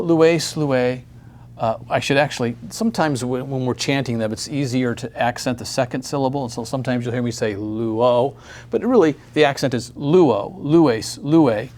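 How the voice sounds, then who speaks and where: A man teaching a recorded grammar lesson, friendly and upbeat, explaining step by step. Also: mid-range voice.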